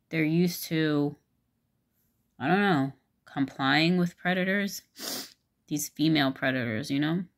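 A low-voiced woman tells a personal story in a loose, casual vlog. She rambles and halts, fills pauses with ums and likes, and swears freely and frankly. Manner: rambling, halting, with many fillers.

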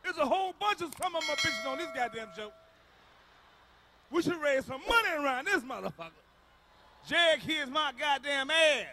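A man doing a profane stand-up comedy routine on stage, ranting and shouting his punchlines into a handheld mic. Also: very high voice, lively intonation, normal speed, long pauses, slight background noise. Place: large concert venue.

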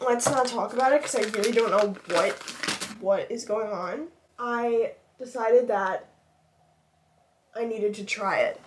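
A young woman vlogging casually at home, talking to a handheld camera in a rambling, self-deprecating, anxious way. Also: a little high. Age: young adult. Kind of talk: casual vlog chat. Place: home, indoors.

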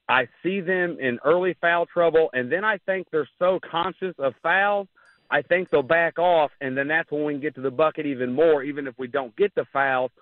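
A man calling into a radio show, out of breath and rambling excitedly about a game. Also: on the high side, no room sound. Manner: rambling, excited fan talk. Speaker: caller. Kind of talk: casual call-in chat. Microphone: phone. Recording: tinny phone line.

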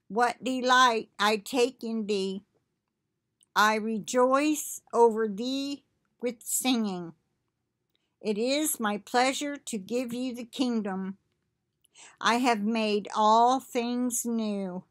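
Slow, devout woman reading scripture-style prophecy. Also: on the high side, a bit bright, no echo. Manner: slow, deliberate, devout reading with casual asides. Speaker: online Christian channel host. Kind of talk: reading a prophetic message aloud, slow and solemn.

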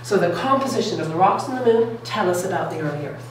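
A woman's voice: lowish voice, lively intonation, fast. A middle-aged woman giving a public science lecture, enthusiastic and often checking in with her audience. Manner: enthusiastic, keeps checking in with "okay?" and "all right?". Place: lecture room. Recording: echoey room, distant mic, faint noise.

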